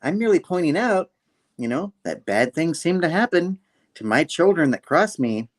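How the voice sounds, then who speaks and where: A haughty villainess matriarch, as a man puts her on purrs threats in a pompous, mock-sweet voice. He lifts his pitch a little above his normal range and keeps the delivery loud and theatrical. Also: very animated, normal speed. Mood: menacing.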